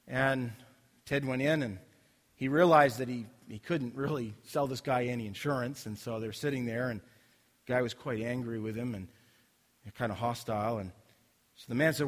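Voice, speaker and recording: A man's voice: medium pitch, brisk, in a large hall. A man preaching a sermon in an earnest, conversational way, often restarting phrases and telling a story. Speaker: pastor.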